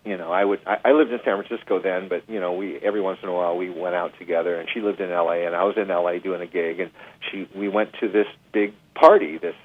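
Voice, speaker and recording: A middle-aged man, a guest musician, telling a story in a casual interview, animated and full of restarts and asides. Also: sits low, quick pace. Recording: dry tinny phone line.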